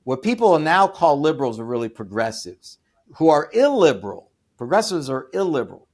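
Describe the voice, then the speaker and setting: A man's voice: sing-song, normal speed. Emphatic man making his case. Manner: emphatic, with sudden rises in pitch and loudness; repeats and restarts phrases. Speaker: interview guest. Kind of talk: opinionated conversation.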